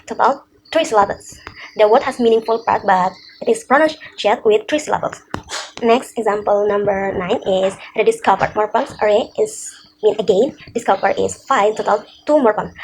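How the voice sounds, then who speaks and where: A young woman gives a student class presentation, reading from notes and working slowly and deliberately through examples one by one. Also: medium pitch, a little mellow, slight background noise, low-quality recording.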